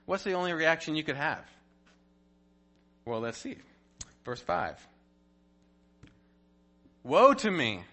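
Bright-voiced man teaching the Bible. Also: a little high, a little slow, gravelly, pauses often. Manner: animated, playful asides and rhetorical questions.

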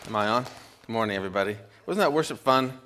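A man's voice: medium pitch, lively intonation, fast, pushed and bright, slight background noise. Sex: man. Role: guest preacher. Style: sermon with a told joke. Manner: casual, conversational.

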